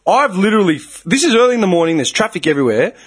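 An Australian man in his thirties tells a story in casual chat, swearing often and acting out what other people said. His voice sits a little high and swings widely up and down. The tone is husky and a little rough. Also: racing. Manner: swears a lot, animated storytelling with acted-out quotes.

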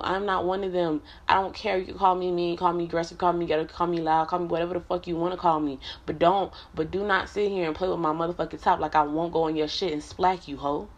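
A woman's voice: on the low side, steady tone, fairly quick, hardly any pauses, muffled recording. A woman ranting bluntly and profanely at her viewers, confrontational and fed up. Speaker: app streamer.

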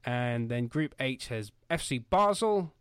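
A man's voice: medium pitch, lively intonation, takes it slowly, a bit bright, clean tone, no echo, clean studio sound. Jokey man hosting a football chat. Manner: jokey and rambling, with many fillers. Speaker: podcast host. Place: home.

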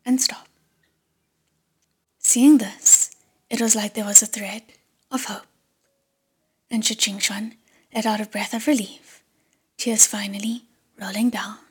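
A woman narrating a novel audiobook in a breathy, half-whispered way. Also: mid-range voice. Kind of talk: scripted narration.

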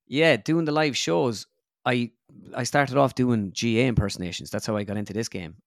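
A man's voice: mid-range voice, no echo. Irish midlands male guest, chatty, meandering, mid-range voice, dry sound. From middle of Ireland. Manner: rambling, self-correcting, easygoing. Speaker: guest, comedian and impressionist. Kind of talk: casual interview chat.

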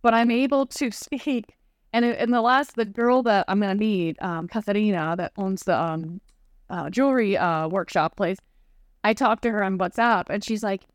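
A woman's voice: mid-range voice, normal speed, dry recording, studio quality. A woman from Chicago chatting as a podcast guest, full of "like" fillers and acted-out quotes. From Chicago, USA. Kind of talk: casual chat.

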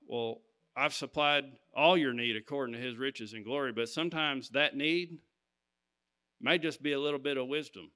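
A man's voice: medium pitch, moderate pace, sharp tone, smooth. A man preaching, telling a personal story to his congregation and stopping to ask "Amen?". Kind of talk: sermon testimony.

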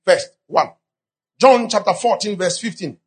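A man preaching a fervent sermon in short phrases, pausing after each one for an interpreter. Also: sits high, breathy edge. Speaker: pastor.

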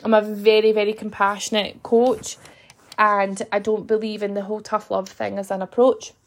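Earnest coaching woman, gravelly edge. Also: medium pitch, little pitch movement, moderate pace. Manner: earnest, coaching, acts out inner voices. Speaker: podcast host and fitness coach. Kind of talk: motivational podcast monologue.

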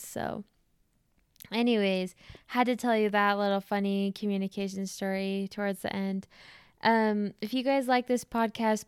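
A woman's voice: medium pitch, clear, resonant tone, dry recording, studio quality. A young woman hosting a podcast, telling a story in a chatty way full of "like" fillers. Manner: chatty, many "like" fillers, laughs through story. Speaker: podcast host. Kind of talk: casual storytelling chat.

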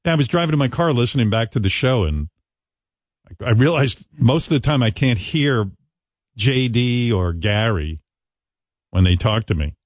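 A man's voice: mid-range voice, lively intonation, moderate pace, pauses often, no echo, clean studio sound. A male radio show host in casual banter, chatty and teasing with guests and callers.

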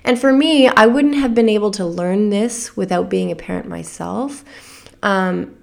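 A woman's voice: medium pitch, unhurried, creaky, a little mellow. A woman coach who is a parent, telling a personal story in a candid and emotional way, with restarts and small laughs. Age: adult parent. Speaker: life coach.

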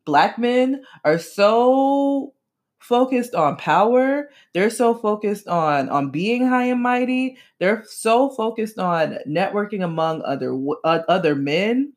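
Young woman podcast host, blunt commentary, emphatic with sharp high jumps, slangy and swearing. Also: expressive, slow pace. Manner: casual slangy talk with swearing.

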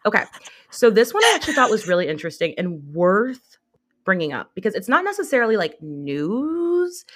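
A young woman co-hosting a podcast in casual chat, talking fast and loose with lots of "like" fillers and quoted asides. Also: medium pitch. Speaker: podcast co-host.

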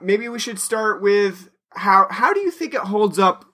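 A man's voice: sits high, very animated, measured pace, sharp tone. A man co-hosting a podcast, talking casually in a chatty, meandering way. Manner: chatty and meandering, plugs the show. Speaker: podcast co-host.

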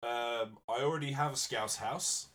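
A man's voice: medium pitch, moderate pace, fairly bright tone. A young man from London co-hosting a comedy podcast, telling stories in loose banter. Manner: storytelling banter with put-on voices. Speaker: podcast co-host. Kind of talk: casual comedy podcast chat.

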